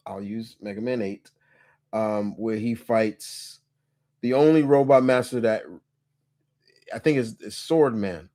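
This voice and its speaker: A man's voice: fairly low pitch, slow pace, long pauses, mellow. A man hosting a casual live question-and-answer chat, laid-back, laughing often and rambling with restarts. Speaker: host.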